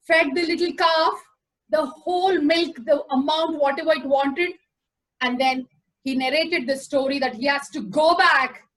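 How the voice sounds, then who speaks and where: A woman telling a folk tale in an expressive, deliberate storytelling manner. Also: high-pitched, poor audio. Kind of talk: storytelling narration.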